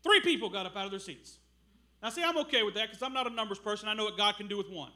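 A middle-aged man preaching a sermon as a missionary, telling stories with loud bursts. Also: sits high, rapid-fire. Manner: animated storytelling with loud bursts.

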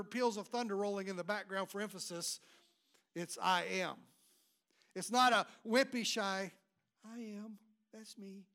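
A man's voice: high-pitched, a bit bright. A man preaching an emphatic sermon as pastor, often repeating and restarting his words.

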